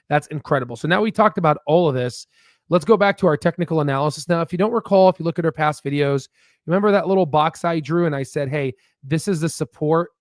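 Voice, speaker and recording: A man's voice: fairly high pitch, no echo, clean studio sound. A man giving casual stock chart commentary, rambling with many repeated words and a pushy, motivational edge. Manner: rambling, repeats words, frequent "right?" and "you know". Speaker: stock market YouTuber.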